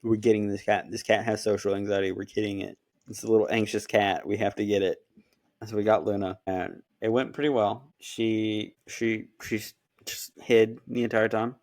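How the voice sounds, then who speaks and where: Man, lowish voice, casual storyteller who plays out the dialogue, dry close mic. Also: moderate pace, no room sound. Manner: animated storytelling with quoted dialogue. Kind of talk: casual chat, pet story.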